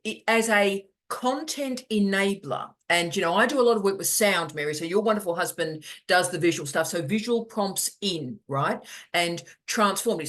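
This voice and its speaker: Animated, jokey middle-aged academic host. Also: medium pitch. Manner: animated, jokey, repeats words for emphasis. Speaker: academic host of online office hours. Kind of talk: casual chat on a video call. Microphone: video call.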